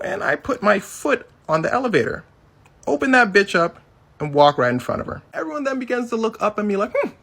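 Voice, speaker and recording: A man with a gravelly, husky voice tells a profane, indignant story, swinging his pitch all over the place. He is from Africa and the States and narrates with animated energy. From Africa and the United States. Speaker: storyteller in a viral clip. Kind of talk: storytelling monologue.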